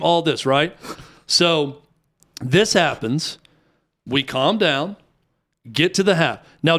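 A high-pitched man in his thirties tells a long story in a casual chat. He talks in an animated way and jumps up in pitch whenever he acts out the people in it. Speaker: youth basketball coach telling a story.

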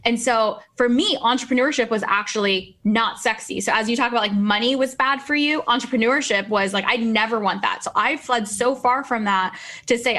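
A woman's voice: fairly high pitch, fairly quick, pushed and bright. A woman hosting an interview, effusive and emphatic, often restarting her sentences. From United States. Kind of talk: casual interview.

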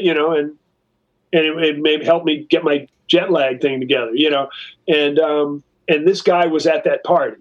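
A man with a fairly high voice tells a story in a relaxed interview, loose and profane, with lots of "you know" and "like". He slips into quick, quoted bits of dialogue as he goes. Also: highs cut off. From California. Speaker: guest musician. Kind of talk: casual storytelling.

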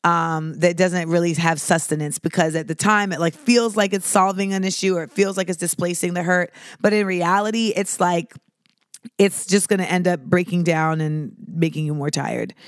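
A woman's voice: on the low side, normal speed, no room sound. A woman hosting a podcast, answering listener questions in a candid, profane, rambling way that is full of "like" fillers. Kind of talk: casual advice talk.

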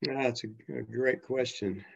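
A man being interviewed, speaking in a measured, soft-spoken and hesitant way over dull lo-fi audio. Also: medium pitch, gravelly, breathy edge. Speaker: interview guest. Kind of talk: conversational interview.

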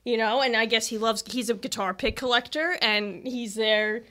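A woman, a musician guest on a podcast, chatting casually and telling an animated story with acted-out quotes and frequent laughs. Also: on the high side, moderate pace. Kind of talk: casual chat.

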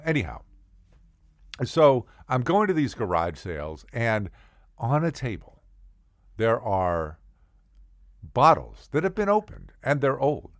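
A man's voice: medium pitch, dry recording, clean studio sound. A man telling rambling comic stories in a casual monologue, full of digressions. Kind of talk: comedic storytelling monologue.

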